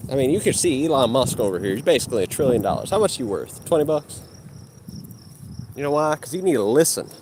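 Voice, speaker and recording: A man's voice: mid-range voice, sing-song, fast, background noise. A man in a heated live-stream rant, arguing with and insulting chat. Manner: combative, insulting, mocking.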